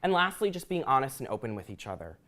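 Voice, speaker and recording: A man's voice: mid-range voice, big pitch swings, quick pace, fairly bright tone. A young man giving a prepared talk to an audience, earnest and reflective, with occasional ums. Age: young adult. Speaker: student speaker.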